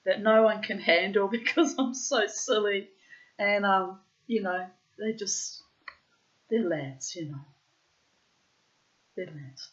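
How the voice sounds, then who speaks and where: A woman in her late fifties telling a story in a rambling casual monologue, cheeky and self-mocking, laughing often and breaking into squealing high exclamations. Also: bright, forceful tone, lo-fi sound. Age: 50s. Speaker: vlogger.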